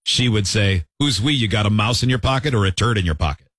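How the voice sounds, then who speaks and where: Husky guy hosting a talk show, reads texts, laughs a lot, dry close sound. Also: fairly low pitch, quick pace, dry recording. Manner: animated, reads out listener texts, laughs often. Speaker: radio show host. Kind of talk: casual chat.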